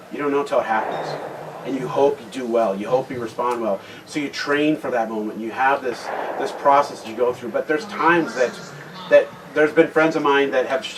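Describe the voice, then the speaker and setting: A man giving a conversational talk at a men's retreat, retelling a Bible story with many restarted phrases and a quieter voice for serious points. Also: mid-range voice, fairly quick. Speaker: guest speaker at a men's retreat. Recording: distant mic with loud background noise.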